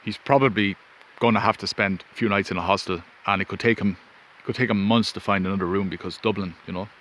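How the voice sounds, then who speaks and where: Low-pitched guy rambling through an old story, phone mic outside, bit of wind hiss. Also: steady tone, quick pace, fairly bright tone. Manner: rambling anecdotal, self-interrupting. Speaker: vlogger. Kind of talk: casual storytelling. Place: outdoors in wind. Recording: faint wind and ambience.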